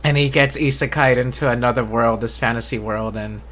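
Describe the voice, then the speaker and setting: A man in casual live-stream talk, his voice bright and forward. He speaks in a flat, low-enthusiasm way, restarting his sentences with repeated words. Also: a little fast. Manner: self-described monotone, low enthusiasm. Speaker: host.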